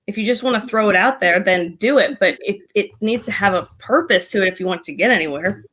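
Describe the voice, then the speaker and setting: A woman co-hosting a casual live marketing chat, chatty and quick to laugh. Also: mid-range voice, a bit bright. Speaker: co-host. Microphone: desk mic with a gain knob.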